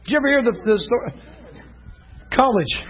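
A middle-aged male pastor preaching an animated sermon, telling stories with shouts and laughter. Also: very high voice, normal speed. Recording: dull lo-fi sound, faint congregation.

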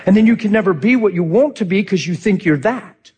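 A man with a husky, rather high voice preaches a sermon. He tells a personal story with big swings of pitch, acting out what each person said. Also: fairly quick. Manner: animated, acts out quotes, laughs often.

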